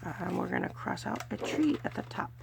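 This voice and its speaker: Mid-range and gravelly, this woman's voice has lively intonation at a normal speed, with background noise behind it. She's a California budgeting vlogger casually narrating cash challenges, chatting as she counts money aloud and gives little cheers.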